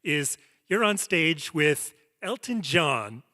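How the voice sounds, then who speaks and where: A man's voice: fairly high pitch, very animated, slow pace, pushed and bright. A man interviewing a guest onstage in an auditorium, full of admiring, enthusiastic remarks. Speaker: interviewer, music writer. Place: auditorium stage before an audience. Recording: long reverb of a hall.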